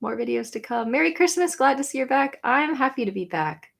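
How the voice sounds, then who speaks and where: A young woman chatting casually on a livestream, answering comments with lots of "like" and quick, bright greetings. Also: high voice, lively intonation, vocal fry. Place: home room.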